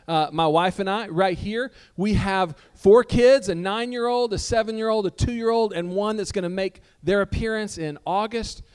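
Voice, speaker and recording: A man in his thirties preaching a relaxed, conversational sermon in a church, telling stories with self-deprecating humor. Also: high-pitched, smooth. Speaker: pastor. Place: church sanctuary before a congregation.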